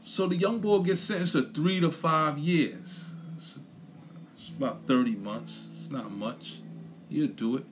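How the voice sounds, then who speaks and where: With soft music behind him, a young man from Brooklyn, New York, speaks in a slightly high, unhurried voice. He's a commentator giving a blunt, profane opinion rant in casual chat and repeats his points for emphasis.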